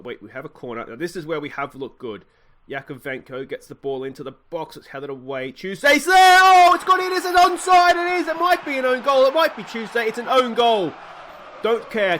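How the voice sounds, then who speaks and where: An Australian man giving chatty let's-play commentary on a football management game, muttering asides and bursting with excitement at goals. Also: medium pitch. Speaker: gaming YouTuber.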